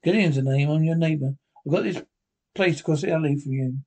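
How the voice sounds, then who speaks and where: A man reading the part of a talkative, friendly police desk sergeant who gossips briskly. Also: on the high side, darkish tone. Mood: chatty. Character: affable male desk sergeant, talkative neighbour.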